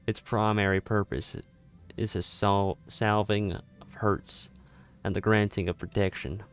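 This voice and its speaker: A man voicing a solemn male guildmaster of healing mages in a put-on general Southern US accent, reading game dialogue aloud with formal, measured delivery. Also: fairly low pitch, level tone, soft background music, natural voice.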